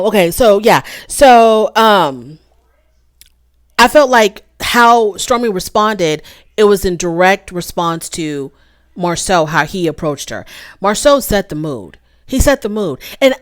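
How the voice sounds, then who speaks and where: A woman hosting her own channel and recapping a reality show in a casual, opinionated way. She is animated and repeats her points for emphasis. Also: medium pitch, dry recording, clean studio sound.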